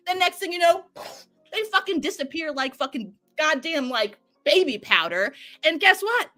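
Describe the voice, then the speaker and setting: Woman ranting about a show, swearing a ton, high bright voice, pitch flying around. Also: moderate pace, no room sound, soft background music. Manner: profane, excitable, acts out quotes. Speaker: podcast guest. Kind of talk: animated recap storytelling.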